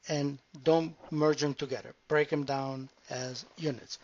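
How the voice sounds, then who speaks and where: Very slow, deliberate woman teaching pronunciation. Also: low voice, a little mellow. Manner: slow, deliberate, drawn-out modelling of words. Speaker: language teacher. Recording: muffled lo-fi recording.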